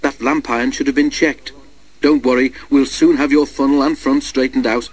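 A man's voice: medium pitch, fairly even intonation, normal speed, slightly rough, natural voice. A man voicing a kind but firm male railway boss in a storybook reading. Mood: reassuring. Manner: reassuring, firm. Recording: noisy recording.

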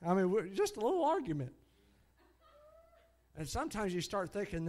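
A middle-aged preacher speaking at normal speed in a high voice pauses often as he tells stories in his sermon. He's animated, laughing at his own anecdotes and saying hallelujah frequently.

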